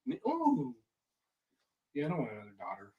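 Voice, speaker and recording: A man co-hosting a casual sports podcast, playful and quick to laugh. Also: mid-range voice, huge pitch swings, recorded from a distance, phone-quality sound, noisy background. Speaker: podcast co-host. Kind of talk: casual chat.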